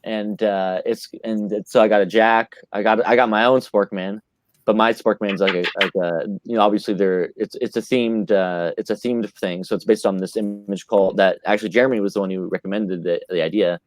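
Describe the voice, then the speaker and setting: An eager man co-hosting a laid-back podcast, talking in a fairly low voice. He keeps calling the others "man." The sound is dry and close, with no room echo. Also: fairly even intonation, fairly quick. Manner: enthusiastic, calls others "man". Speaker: podcast co-host and magazine publisher. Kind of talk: casual podcast chat.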